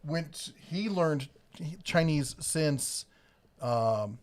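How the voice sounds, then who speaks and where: A middle-aged man hosts a relaxed home livestream with his wife, spinning family anecdotes and reading out viewer comments. His voice sits a bit high for a man. He chuckles easily as he talks. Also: very slow. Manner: storytelling, chuckles often. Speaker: livestream co-host.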